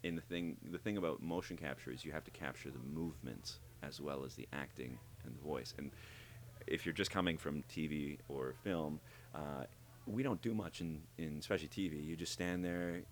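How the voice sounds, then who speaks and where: A man who works as a voice actor, talking in an interview and explaining how he builds his characters, animated and demonstrating as he goes. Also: very deep voice, normal speed. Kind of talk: interview conversation.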